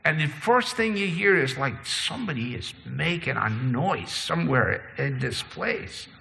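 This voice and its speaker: Guy preaching a sermon, bit of gravel in his voice, swings from slow and low to quick and high. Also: big pitch swings, pushed and bright, long reverb tail, a little hiss or hum. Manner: preaching with sweeping pitch and pace changes. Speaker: pastor.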